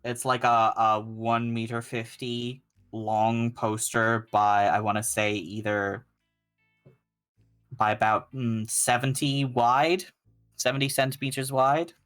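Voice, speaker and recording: A man running a tabletop game, describing the scene in an unhurried way and thinking aloud as he goes. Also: medium pitch, little pitch movement, a bit bright, faint music behind. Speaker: game master.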